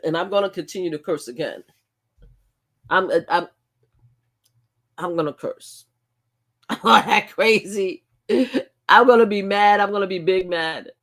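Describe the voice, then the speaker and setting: A woman's voice: lowish voice, a bit bright. An older woman hosting her own live stream, talking bluntly and animatedly, repeating words and laughing often as she chats. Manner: blunt and outspoken. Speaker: livestream host. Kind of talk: casual live-stream chat.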